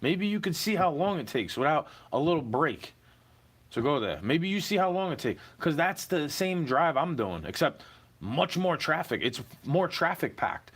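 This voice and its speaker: A young man rants to camera, aggrieved and profane, aiming his words at someone who wronged him and repeatedly saying "bro." His voice sits on the high side, with big pitch swings, a moderate pace, and a breathy edge.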